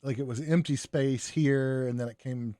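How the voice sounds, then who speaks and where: A man's voice: medium pitch, fairly even intonation, moderate pace, warm tone, no echo, clean studio sound. A man co-hosting a podcast in casual banter, joking and laughing easily. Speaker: podcast co-host.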